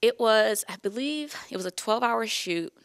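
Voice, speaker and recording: A professional pole dancer being interviewed, chatting casually and candidly and laughing often. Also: female voice, fairly high pitch, lively intonation, normal speed, smooth.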